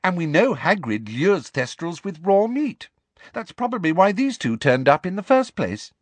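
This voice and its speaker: A man's voice: sits high, sing-song, normal speed, no room sound, voice pushed up. A man voicing a cool, self-assured teenage girl in an audiobook reading.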